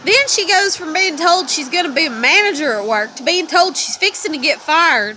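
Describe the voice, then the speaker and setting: Lady vlogging, cussing nonstop, laughing thru it, kinda high voice, noisy background. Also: big pitch swings, moderate pace, hardly any pauses. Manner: profane, swearing constantly, laughing as she talks. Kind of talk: casual rambling monologue.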